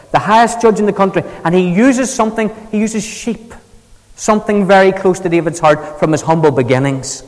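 A man preaching a sermon with animated, storytelling delivery. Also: a little high, big-room sound, low-quality recording.

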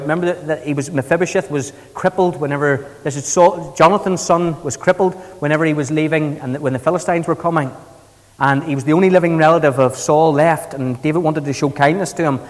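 A man's voice: on the high side, quick pace, big-room sound. A man preaching a sermon, retelling the scripture in a conversational, storytelling way. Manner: conversational storytelling, paraphrasing scripture in everyday speech. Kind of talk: expository sermon.

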